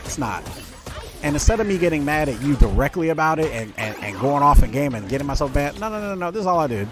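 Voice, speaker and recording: A man's voice: on the high side, big pitch swings, fast talker. A man hosting his gaming channel, ranting with indignation about teammates and mocking them in quoted voices. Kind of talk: ranting gameplay commentary. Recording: music playing behind voice.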